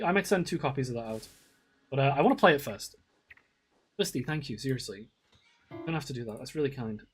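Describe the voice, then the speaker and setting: A man streaming a zoo-building game, chatting casually with viewers in a rambling way, restarting sentences and swearing often. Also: mid-range voice. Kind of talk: casual live-stream chat.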